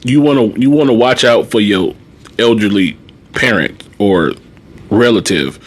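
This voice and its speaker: A man's voice: fairly low pitch, measured pace, breathy edge. A man, a nursing assistant telling funny work stories on a casual livestream, laughing often and talking in slang.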